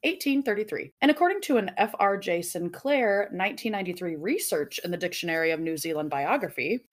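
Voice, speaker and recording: A woman's voice: on the low side, lively intonation, a little fast. A woman hosts a casual podcast, mixing a read-out mystery with jokey asides. She giggles often and swears freely. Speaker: podcast host. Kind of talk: casual chat reading a mystery.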